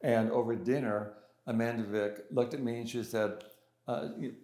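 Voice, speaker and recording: A man's voice: mid-range voice, fairly even intonation, moderate pace, darkish tone. An older man, a pianist and composer, being interviewed and telling his story in a casual, hesitant way with many restarts and fillers. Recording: roomy echo.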